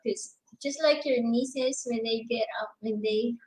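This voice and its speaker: A woman's voice: fairly high pitch, a little slow, darkish tone. A woman co-hosting a casual livestream, reading out viewer names and teasing the host. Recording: echoey room with background noise.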